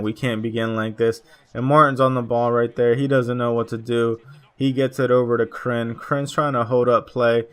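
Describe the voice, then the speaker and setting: A young man talks his viewers through a football video game match in a loose, chatty way. He gets excitable over the big moments and keeps calling his audience "boys." His voice sits at an ordinary middle pitch for a man. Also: smooth. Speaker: gaming YouTuber. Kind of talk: gameplay commentary.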